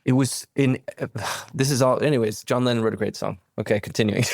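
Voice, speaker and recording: A man in his forties from Venezuela, a podcast guest telling a reflective story in a rambling way, full of restarts and stammered repeats, jumping into animated quoted voices. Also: fairly quick, creaky, dry recording, clean studio sound. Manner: slips into animated quoted voices and sudden high pitch leaps.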